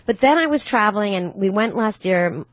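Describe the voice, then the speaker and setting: A woman's voice: mid-range voice, lively intonation, normal speed, dry recording. A woman in her fifties, a podcast guest, telling stories with animation and acting out quoted voices. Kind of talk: casual conversation.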